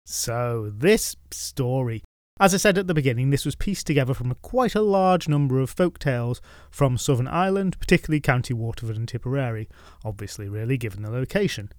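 A man narrating folklore stories from a script, with wry, deadpan asides. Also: mid-range voice, brisk, no room sound, clean studio sound. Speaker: storytelling podcast host.

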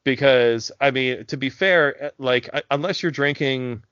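A man from Pennsylvania co-hosts a loose, profane podcast chat. He rambles and restarts his sentences, leaning on fillers. His voice sits at an average pitch, and the recording is dry and a little dull. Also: moderate pace, a bit bright, smooth, dry recording. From south central Pennsylvania. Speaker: podcast co-host.

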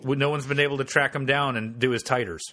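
A man's voice: medium pitch, steady tone, fast, bright, forceful tone. A man hosting a comedy podcast, telling a story in casual banter with profane, wry asides.

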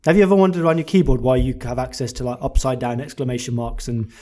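A man's voice: medium pitch, fairly even intonation, fast, dark tone. A man co-hosting a casual car chat, telling stories with mock-dramatic build-ups and plenty of swearing. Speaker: car podcast co-host.

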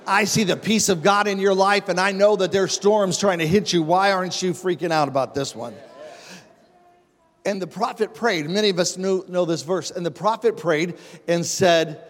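A man's voice: sits high, fairly quick. A man preaching a sermon as pastor, talking conversationally, calling on the congregation and building repeated phrases with rising emphasis. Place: church sanctuary. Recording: long reverb of a large hall.

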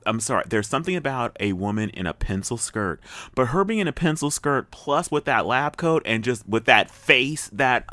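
A man hosting a TV review podcast in casual chat, excitable and rambling, laughing often. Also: medium pitch, moderate pace, no room sound.

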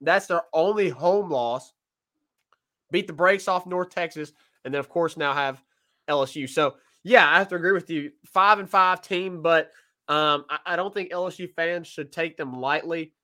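A man's voice: fairly high pitch, normal speed, bright, forceful tone. A man co-hosting a sports podcast, chatting casually and often laughing, with plenty of fillers.

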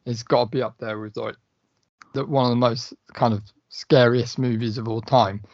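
On a casual film podcast, a male co-host chats eagerly and swears a lot. His mid-range voice is a little mellow, fairly even in intonation and moderately paced, captured on a muffled recording with no room sound.

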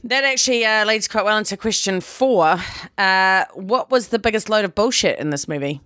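A woman's voice: medium pitch, normal speed, bright, forceful tone, clean tone, no room sound, clean studio sound. A woman co-hosting a casual movie podcast, playful and teasing, laughing often. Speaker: podcast co-host.

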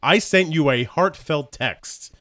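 A man's voice: fairly high pitch, takes it slowly, a bit bright, dry recording, studio quality. A man co-hosting a podcast in casual chat, playful and teasing, often laughing. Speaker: podcast co-host.

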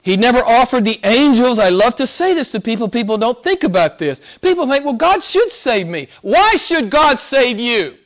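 A man delivers a sermon in a very high voice with big pitch swings, speaking at normal speed and barely pausing. He poses rhetorical questions to the audience, repeats phrases for emphasis, and shifts between loud, emphatic peaks and hushed, almost whispered asides.

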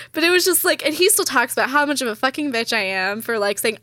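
Bright, animated young woman telling a story. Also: high voice, brisk, no echo. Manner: animated storyteller, swears freely, laughs often. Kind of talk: casual conversation.

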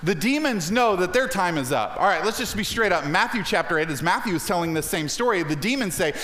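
Pastor, male, high voice, lively conversational sermon, roomy church sound. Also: fast, hardly any pauses. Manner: energetic, conversational preaching with acted quotes.

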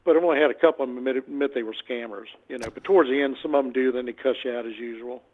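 A man's voice: mid-range voice, rapid-fire. A man calling in to a radio show and telling rambling stories about scam calls, repeating his words and acting out both sides. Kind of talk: casual phone-in chat, storytelling. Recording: tinny phone line.

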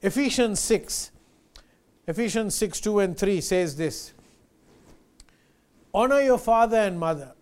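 A man's voice: high voice, lively intonation, measured pace, pauses often, darkish tone. A male pastor preaching a sermon, earnest and emphatic, repeating key phrases and addressing listeners as friends.

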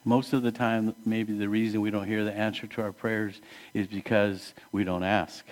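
A man preaching a sermon as pastor in an earnest, conversational way, asking the congregation questions and swinging between emphatic rises and hushed, quiet drops. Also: lowish voice, little pitch movement, normal speed.

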